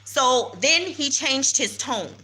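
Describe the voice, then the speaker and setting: She's a vlogger from the United States, filming handheld without a stabilizer as she indignantly tells followers what went on and drives points home by repeating herself. The voice is high, expressive and sharp, delivered slowly.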